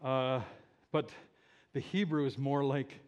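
A man preaching a sermon in a church, animated and leading the congregation in shouting together. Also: medium pitch, slow. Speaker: pastor.

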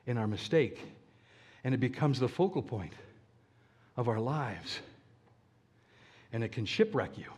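Male pastor, high lively voice, slow deliberate sermon delivery with questions to the audience.

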